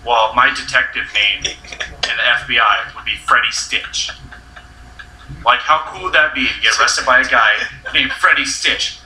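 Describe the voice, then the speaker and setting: A young man hosting a casual chat with friends, rambling and animated as he tells stories. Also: mid-range voice, moderate pace, a little hiss or hum. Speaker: host. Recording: roomy echo, distant mic.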